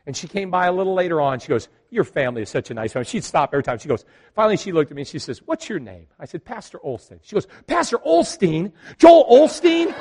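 A middle-aged male pastor telling a personal story in a sermon, acting out the lines of the people in it. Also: mid-range voice.

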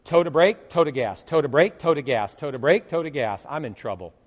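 A middle-aged male pastor telling a humorous story in a sermon, jumping from loud exclamations to quiet asides. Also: fairly high pitch, lively intonation, brisk, big-room sound.

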